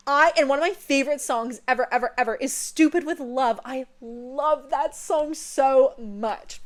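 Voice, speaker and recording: A woman's voice: high voice, unhurried, few pauses. A young woman chatting playfully while seated, often checking in with "okay?". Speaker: vlogger. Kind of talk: casual chat.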